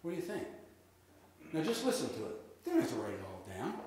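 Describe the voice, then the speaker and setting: A man giving a live sales seminar, lively and drilling the audience in call-and-response. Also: on the high side, fast. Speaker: real estate sales trainer. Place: large room with an audience. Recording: echoey hall with faint noise.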